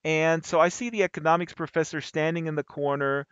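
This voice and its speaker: Animated German-born man telling a story. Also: on the high side, fairly quick, smooth, dry recording, dull audio. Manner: animated, acts out quoted voices, frequent fillers and restarts. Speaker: host telling a story at an open mic. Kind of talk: casual storytelling.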